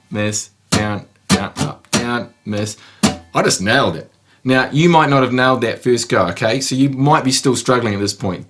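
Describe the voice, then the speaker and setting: A man teaching guitar in a relaxed, joking way, counting out down and up strokes. His voice sits in a middle range, and clear guitar strumming plays under his talk. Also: mid-range voice. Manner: playful, chatty, counts strums aloud. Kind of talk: casual guitar lesson.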